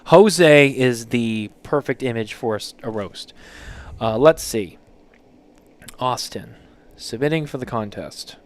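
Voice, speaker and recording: A man at a middle pitch hosts a casual chat, reading listener submissions aloud. He reacts in a loose, joking way and swears freely. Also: lively intonation, slow. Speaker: podcast host.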